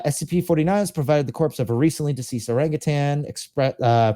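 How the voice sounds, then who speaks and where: A man co-hosts a podcast, reading passages aloud and then chatting about them in a relaxed way. His voice is mellow and dark, at an ordinary pitch. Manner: reads text aloud, then chats with frequent laughs. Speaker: podcast co-host. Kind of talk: casual reading and discussion.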